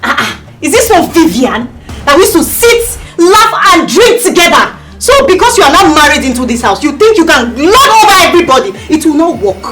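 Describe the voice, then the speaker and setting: An actress with a Nigerian accent playing a fiery woman who taunts loudly while defending her man. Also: sits high, very animated, brisk, low-quality recording. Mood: defiant. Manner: loud, taunting, mocking.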